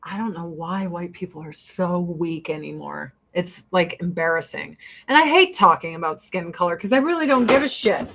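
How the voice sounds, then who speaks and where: A woman's voice: on the low side, animated, normal speed, hardly any pauses, fairly bright tone. A woman doing her makeup while ranting in a blunt, profane, fired-up way. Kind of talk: casual get-ready-with-me rant.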